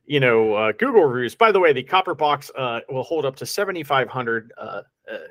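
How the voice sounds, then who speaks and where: A man's voice: medium pitch, animated, brisk, fairly bright tone, no room sound. A man co-hosting a casual podcast chat, jokey and laughing often, full of ums and uhs. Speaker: podcast co-host.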